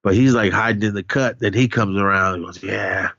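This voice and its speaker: A man with a fairly low voice tells a movie plot in loose, rambling chat, breaking into voiced shouts and swears. The sound is dry and close. It is also dull and lo-fi. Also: fast talker, no echo. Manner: rambling, animated retelling with voiced reactions and cursing. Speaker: podcast co-host recapping a film. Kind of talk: casual chat.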